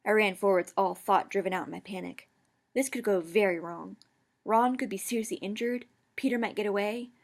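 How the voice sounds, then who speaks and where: A woman reads her own story aloud in an even, middling voice. She stumbles over words and corrects herself as she goes. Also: medium pitch, a little fast. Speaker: fan fiction reader.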